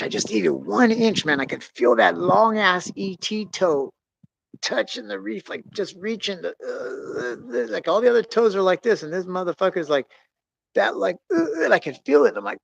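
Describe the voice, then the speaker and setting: A young man telling a story in casual, profane chat, swinging between loud bursts and quiet mutters. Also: high voice, animated, normal speed, gravelly, no room sound, lo-fi sound. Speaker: podcast host.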